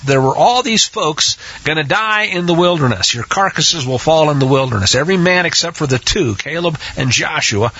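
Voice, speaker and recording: A man's voice: on the high side, bright, forceful tone, husky. A man teaching a scripture study, hesitant with many restarts and acting out the quotes, on a dull lo-fi recording. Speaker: Bible teacher.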